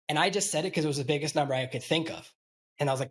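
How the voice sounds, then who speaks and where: A man's voice: medium pitch, fast. A man hosting a podcast interview, telling business stories and acting out what other people said. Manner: storytelling, acts out quoted voices. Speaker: podcast host. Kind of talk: casual interview chat.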